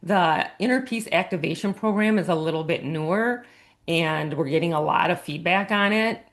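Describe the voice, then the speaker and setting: Low-voiced woman coach explaining intuition. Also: moderate pace. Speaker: guest coach and author. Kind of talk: casual podcast interview.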